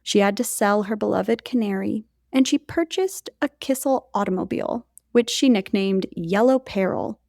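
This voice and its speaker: A woman's voice: medium pitch, normal speed, vocal fry, few pauses, darkish tone, no echo, studio quality. A woman co-hosting a podcast, telling a history story in a chatty way with jokey asides to her co-host.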